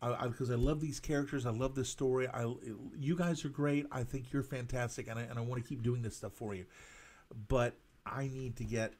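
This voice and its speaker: A man hosting a live drawing stream, talking in a halting, stammering way with many restarts, earnest and apologetic. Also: mid-range voice, steady tone, darkish tone. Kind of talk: casual live-stream monologue.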